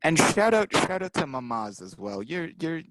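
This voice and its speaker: A man's voice: fairly high pitch, big pitch swings, normal speed, a bit bright, a little hiss or hum. A young adult man co-hosting a podcast, telling rambling stories in casual chat and laughing often. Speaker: podcast co-host.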